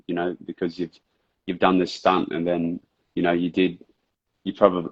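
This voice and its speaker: A man's voice: deep voice, husky, no room sound, dull audio. A man hosting a podcast, asking the guest loose, laid-back follow-up questions. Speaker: podcast host. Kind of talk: casual interview chat.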